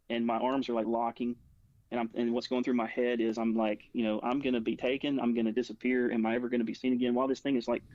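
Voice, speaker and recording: The audio is dull with no echo as a man, speaking as a guest, tells a personal story in a casual, rambling way, stuffed with "like" and restarts. His voice is medium-pitched and darkish.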